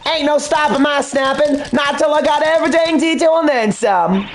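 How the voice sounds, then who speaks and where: A man voicing a pushy female photojournalist in a put-on Southern accent, with fast accusing twang, in a fan dub of a video game. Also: very high-pitched, creaky, slight background noise, voice pushed up. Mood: brash. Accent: put-on American Southern.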